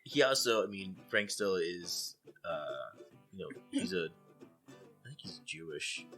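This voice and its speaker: Male co-host, art teacher, very low voice, relaxed and reflective explainer. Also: measured pace, faint music behind. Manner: easygoing, thoughtful, explains with many fillers. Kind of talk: casual chat about art.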